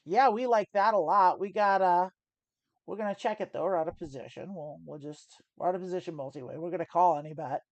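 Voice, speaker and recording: A woman's voice: on the low side, fairly quick, no room sound, dull audio. A woman hosting a live poker stream, chatting through each decision and often restarting her phrases as she thinks aloud. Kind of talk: live poker play-and-explain commentary.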